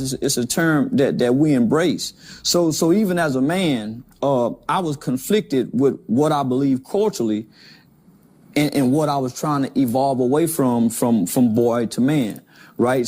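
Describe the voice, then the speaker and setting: A man's voice: mid-range voice, darkish tone. A man in his forties giving a candid interview, emphatic and often repeating words as he starts a thought. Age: 40s. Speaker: guest.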